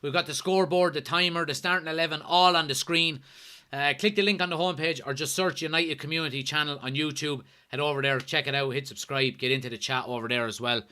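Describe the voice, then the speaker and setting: An Irish man from Kilkenny hosting a live football watchalong, commenting on the match, yelling and swearing at the referee, and reading out chat messages. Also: a little high, fast talker, smooth. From Ireland, Kilkenny. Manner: excitable, yells at the referee, swears. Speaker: watchalong host.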